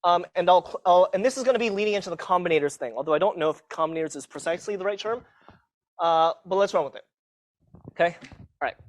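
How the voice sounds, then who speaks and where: In a lecture hall, a man with a high voice teaches a live university class at a quick pace. He's casual and self-mocking, checking in with students and tagging sentences with "okay?".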